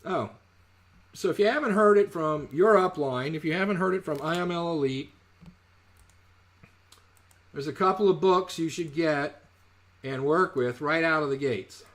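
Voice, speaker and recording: A man's voice: a little high, moderate pace, pauses often. A man teaching trading in a casual live webinar, chatty and jokey, often correcting himself mid-word. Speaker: trading educator.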